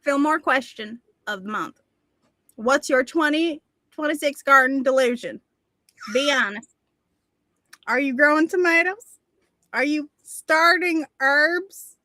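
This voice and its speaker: A woman voicing a small-town Southern woman reading local news in a slow, deadpan, mock-serious put-on Southern accent. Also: sits high, dry recording, heavily acted.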